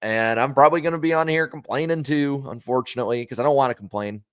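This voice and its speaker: A man hosting a racing talk show, giving frank opinions in casual, conversational pre-race chat and talking warmly to his viewers. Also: mid-range voice, fast, clean tone, no room sound, studio quality. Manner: friendly to viewers.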